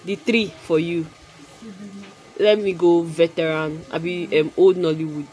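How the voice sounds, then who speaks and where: A woman's voice: fairly low pitch, steady tone, measured pace, dark tone, poor audio. A woman hosting a casual chat with friends, playful and teasing as she runs the game rounds. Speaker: podcast host.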